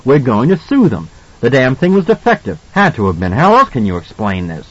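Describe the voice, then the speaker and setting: A man voicing a grim, blunt father who speaks in a husky, matter-of-fact way. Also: medium pitch, sing-song, brisk, highs cut off.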